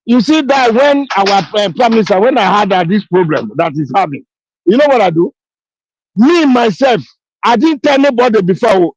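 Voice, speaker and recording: A woman's voice: a little high, husky, no room sound, dull audio. A woman, speaking emphatically in a live audio chat, repeating herself and pleading. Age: 50s. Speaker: caller on an audio space.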